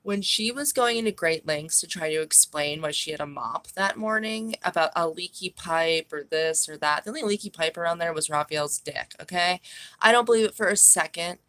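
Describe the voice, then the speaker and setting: A woman's voice: fairly low pitch, bright, forceful tone. A woman vlogging a true crime monologue, blunt and profane, with a scornful, opinionated way of talking.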